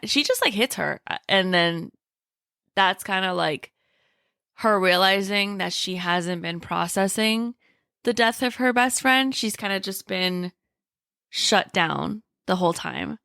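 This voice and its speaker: Bright-voiced young woman chatting casually. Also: mid-range voice, normal speed, vocal fry, dry recording, studio quality. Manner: animated, many fillers, quotes characters in put-on voices. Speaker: podcast co-host. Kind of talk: casual chat.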